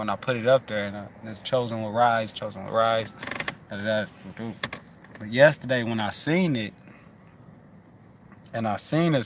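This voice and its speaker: A man's voice: medium pitch, slight background noise. A man hosting a loose, casual chat, talking in a rambling, profane way with many restarts.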